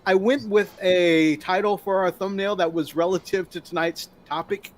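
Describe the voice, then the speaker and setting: A man's voice: sits high, fairly even intonation, moderate pace. A man hosting a live-stream chat, talkative and upbeat, reading viewer comments aloud. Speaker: host.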